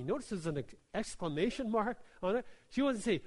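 A male pastor preaches in a high voice, calling out for "Amen?" and "right?" as he goes. His delivery is very animated, dropping to soft asides and rising to emphatic exclamations, and it rings through a reverberant hall. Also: fairly quick, few pauses. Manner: call-and-response, repeats "Amen?" and "right?"; emphatic, swings between soft low asides and raised exclamations. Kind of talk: sermon.

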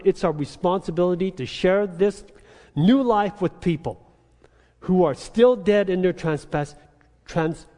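High-voiced pastor preaching in a reverberant church. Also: male voice. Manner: animated storytelling, acts out frustrated phone calls. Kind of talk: sermon. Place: church sanctuary.

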